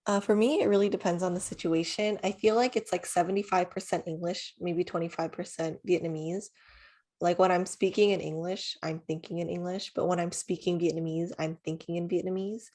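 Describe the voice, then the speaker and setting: A young adult woman co-hosting a podcast in casual chat, relaxed and loose with "like" fillers and laughs. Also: lowish voice, brisk. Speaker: podcast co-host.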